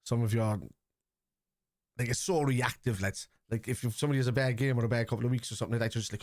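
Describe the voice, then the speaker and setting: A man with a Cork Irish accent, streaming a live football watchalong, chatting casually and shouting at the referee and players. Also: medium pitch, fast talker, dry recording, clean studio sound. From Ireland. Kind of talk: live match reaction chat.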